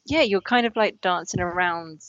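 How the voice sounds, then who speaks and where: A woman's voice: lowish voice, moderate pace, fairly bright tone, dry recording, dull audio. Giggly woman spinning a comic tale. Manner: giggly, rambling, second-person narration. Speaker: guest host. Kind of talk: improvised comic storytelling.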